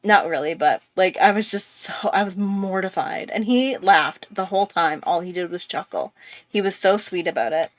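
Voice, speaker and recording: A woman's voice: on the low side, expressive, moderate pace, dry recording. A young woman telling a long, rambling story in casual chat on her art channel, with many fillers and restarts. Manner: chatty, rambling, full of fillers. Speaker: art YouTuber.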